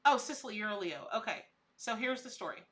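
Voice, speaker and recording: A chatty middle-aged woman runs a live-stream tarot reading, answering her chat by name with plenty of laughs. Her voice sits a little high and rings bright and forward. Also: lively intonation, quick pace. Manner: laughs often, with frequent restarts.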